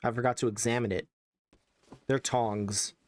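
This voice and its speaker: A man's voice: mid-range voice, steady tone, moderate pace, no echo. A man casually commentating a horror video game as he plays, wry and chatty, reading the on-screen text aloud. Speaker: let's play gamer.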